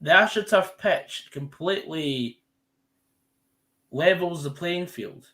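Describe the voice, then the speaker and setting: Scottish lad, 20s-30s, casual watch-along host; rambling, self-correcting delivery. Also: male voice, a little high, lively intonation, slow pace, sharp tone. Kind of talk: casual live commentary chat.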